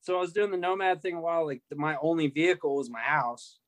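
A man in casual chat as a podcast guest, telling stories in a relaxed, rambling way. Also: fairly high pitch, fast talker, dry recording. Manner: relaxed storytelling, rambling with fillers, laughs.

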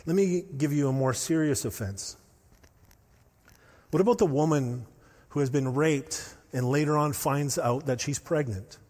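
Animated male pastor in reverberant hall. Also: on the high side, measured pace. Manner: animated storytelling with rising intensity. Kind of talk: sermon. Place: church hall.

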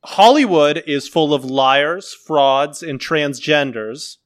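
A man co-hosting a satirical comedy podcast, speaking in a mock-earnest, deadpan way. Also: a little high, slow.

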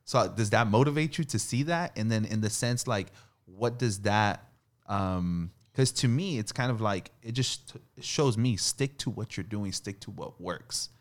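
Low-voiced chatty male host. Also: unhurried. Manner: chatty, laughs easily, asks rambling questions. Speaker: podcast host. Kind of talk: casual interview questions.

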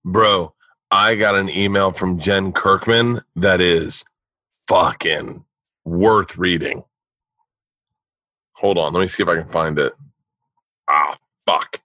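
A man with a bright, forward voice tells a rambling story on a podcast, swearing freely and restarting his sentences. The sound is close and dry, with almost no room in it. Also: sits low, takes it slowly, long pauses, dry recording, poor audio. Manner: animated, profane storytelling with frequent restarts. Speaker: podcast host. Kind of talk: casual storytelling chat. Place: indoor home studio.

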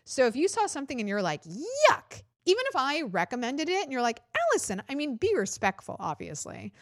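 A woman hosting a political comedy podcast, talking casually and swearing a lot, jumping up in pitch when she mimics others. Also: fast talker, dry recording, studio quality. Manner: chatty, profane and animated, jumping up in pitch for mock quotes. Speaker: podcast host.

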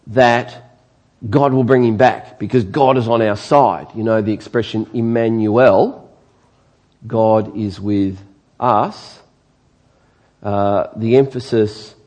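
A male preacher giving a sermon, questioning his listeners and repeating words as he builds. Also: mid-range voice. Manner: lively, asks the congregation questions, stammers on repeats.

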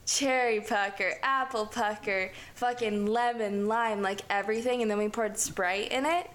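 A woman's voice: mid-range voice, fairly even intonation, normal speed, a bit bright. A young woman casually telling a story to a friend, slangy and profane, full of "like" and "dude". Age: young adult.

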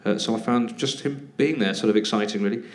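A man's voice: on the low side, quick pace. A man telling rambling, self-deprecating anecdotes as a guest on a live podcast, often laughing mid-sentence. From Britain. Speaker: guest comedian and actor. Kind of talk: casual anecdotal chat. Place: theatre stage, live podcast.

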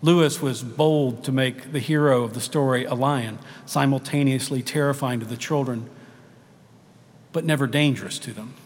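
A man's voice: medium pitch, moderate pace. A middle-aged man preaching a sermon as pastor, in a reflective, personal storytelling manner. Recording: long reverb of a church hall.

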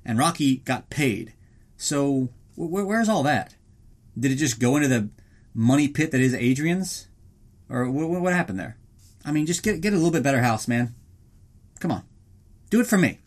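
Recapping a movie on his podcast, this man rambles and swears casually while referring to himself jokingly in the third person. He speaks at normal speed with an expressive medium-pitched voice and long pauses.

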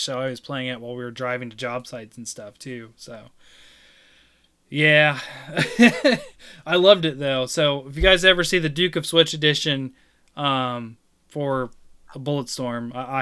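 A man chatting casually about a video game he played, rambling and laughing loudly. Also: mid-range voice, clean tone. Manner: mimics game voices in retelling. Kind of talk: casual chat.

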